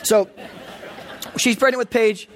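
A man's voice: very high voice, steady tone, unhurried, fairly bright tone, slight background noise. A man in his thirties preaching a sermon, earnest and emphatic. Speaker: pastor.

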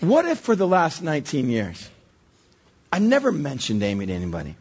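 A man, his voice slightly hoarse and husky. His pitch sits a little high and swings widely as he acts out voices in his story. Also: brisk. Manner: storytelling with lively acted-out quotes. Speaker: pastor. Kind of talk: sermon.

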